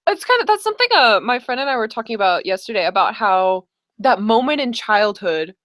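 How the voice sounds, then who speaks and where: A woman's voice: fairly high pitch, sing-song, brisk, fairly bright tone, dry recording. A young woman co-hosting a podcast in casual chat, giggly and chiming in with jokes. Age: young adult. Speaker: podcast co-host.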